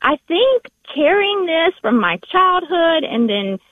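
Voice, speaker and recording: High-voiced Southern woman caller on phone. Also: sing-song, no echo. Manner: earnest, halting, repeats words. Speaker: radio caller. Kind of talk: call-in radio chat. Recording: phone line.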